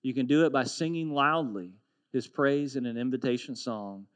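A man's voice: medium pitch, moderate pace. Earnest storytelling preacher man. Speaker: pastor. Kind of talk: sermon.

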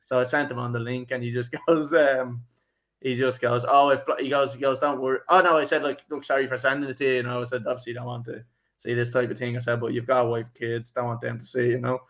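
A man's voice: medium pitch, level tone, quick pace, fairly bright tone. A young man hosting a football podcast, rambling through a story with lots of swearing and laughter. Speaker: podcast host. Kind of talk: casual football podcast chat.

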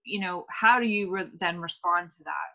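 Woman, host, bright tone, hesitant, fillers, video call, muffled lo-fi audio. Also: on the low side, normal speed, vocal fry. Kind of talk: casual interview.

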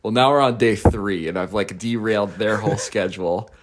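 A young man with a fairly low voice tells a story on a casual podcast. He sounds laid-back, laughs easily and acts out the voices of the people in his story. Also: fairly quick. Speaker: podcast co-host.

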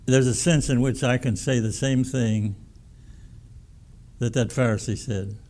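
A man's voice: medium pitch, fairly even intonation, measured pace, darkish tone. A pastor preaching a sermon in a folksy, emphatic way, often repeating his words.

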